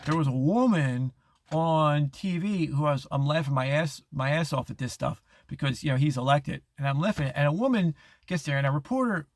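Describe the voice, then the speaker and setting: Middle-aged male host, casual monologue, meandering delivery with restarts, voice on the high side, dry close sound. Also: a little fast, dry recording. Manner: rambling, with restarts, quoted voices and chuckles.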